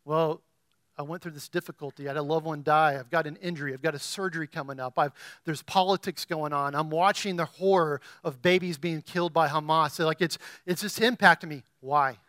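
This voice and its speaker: Male pastor, high and bright voice, animated preaching that swells to loud emphasis, dry close sound. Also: brisk, no echo. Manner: animated preaching, rising to loud emphatic peaks, asks the congregation questions. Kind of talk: sermon.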